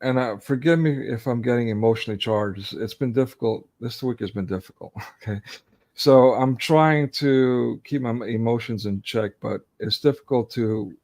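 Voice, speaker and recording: A man's voice: medium pitch, normal speed, darkish tone. A man in his forties, co-hosting an online talk on a video call, speaking earnestly and getting emotionally charged, often restarting his sentences. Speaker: co-host. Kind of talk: casual online discussion.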